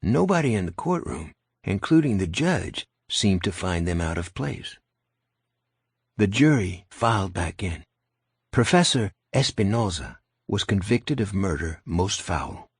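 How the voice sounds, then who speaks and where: A man narrating an audiobook in a wry, even storytelling manner, recorded close. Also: deep voice, measured pace, husky, no echo. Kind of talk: scripted narration.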